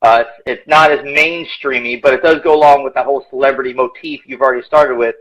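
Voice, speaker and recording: A man's voice: mid-range voice, fairly even intonation, fast talker, a bit bright, rough recording. A man co-hosting a live podcast in casual chat, joking and sarcastic. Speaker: podcast co-host.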